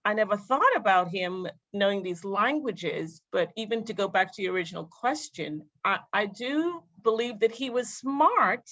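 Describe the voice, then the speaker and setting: A woman's voice: medium pitch, expressive, moderate pace, hardly any pauses, a bit bright. Reflective woman on a dull line. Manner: reflective, musing aloud. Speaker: panelist. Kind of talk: casual panel discussion.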